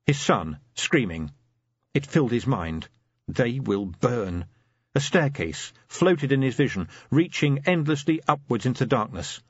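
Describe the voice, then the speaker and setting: A man with a husky, mid-pitched voice reads a novel aloud, with his intonation rising and falling freely. The recording is dry and close, and it sounds slightly muffled. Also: no echo. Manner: lively, expressive storytelling. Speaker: audiobook narrator. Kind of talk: scripted narration.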